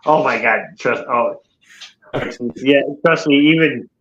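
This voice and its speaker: A man's voice: medium pitch, unhurried, a bit bright, dull audio. A man who has been drinking, in a casual group chat, rambling and trailing off as he loses his thread. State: tipsy from drinking.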